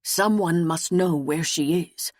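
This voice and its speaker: A man's voice: on the high side, takes it slowly, no room sound, clean studio sound. A woman narrator voicing an earnest male knight who is searching for his lost wife, speaking in a grave, formal, pleading way. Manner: grave, pleading, formal old-fashioned speech.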